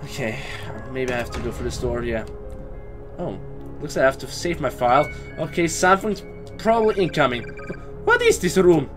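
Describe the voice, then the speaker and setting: A young gaming YouTuber plays a horror game as a let's play host, reading lines aloud and yelling, shouting and swearing when frightened. His pitch swings widely from muttered asides to excited yells at a moderate pace, over faint background music.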